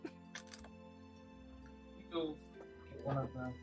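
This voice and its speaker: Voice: medium pitch, fairly even intonation, slow, over music. A player in a tabletop game, describing their character's actions casually with lots of fillers.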